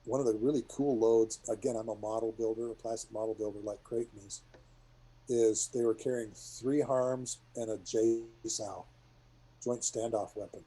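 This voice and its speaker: A middle-aged man, a retired military pilot, telling rambling war stories to a group in a casual, animated way. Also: fairly low pitch, moderate pace, slightly rough, low-quality recording. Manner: rambling, animated, many restarts and asides.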